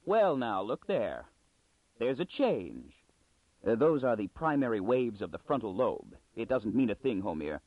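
Brief: jittery, paranoid librarian, read by a man, pitch leaping wildly, thin phone-like sound. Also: big pitch swings, measured pace, no echo. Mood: uneasy. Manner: hesitant, breaking into high shrieks. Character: nervous male librarian, frantic and paranoid. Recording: dry, phone-like narrow sound.

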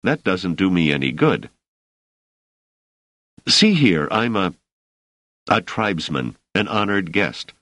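A man's voice: low-pitched, big pitch swings, takes it slowly, pauses often, pushed and bright, no echo, full character voice. A man reading as a wry, exasperated scholar. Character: wary male scholar, a guest in a strange place.

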